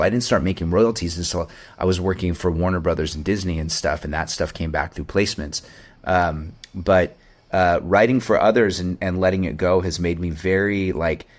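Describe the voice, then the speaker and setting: Low-voiced male composer, thoughtful and rambling, casual interview talk. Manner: reflective, meandering with many restarts. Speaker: video game composer. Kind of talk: conversational interview.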